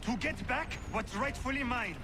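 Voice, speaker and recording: An actor with a French accent playing a hot-tempered, vengeful French cook in a video game, with fiery shouting outbursts. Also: male voice, extremely high pitch, normal speed. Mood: outraged. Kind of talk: video game character dialogue. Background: game music.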